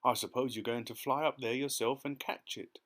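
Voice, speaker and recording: A man voicing a fretful male earthworm who protests loudly and in a panic in an audiobook. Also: medium pitch, fairly even intonation, a little fast, natural voice. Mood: indignant. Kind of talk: audiobook character reading.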